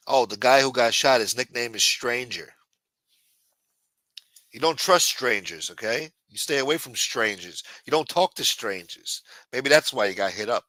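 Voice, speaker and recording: A man's voice: mid-range voice, lively intonation, moderate pace, pushed and bright, no room sound. A man hosting a late-night livestream, chatting loosely and profanely while answering viewers in the chat. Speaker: livestream host.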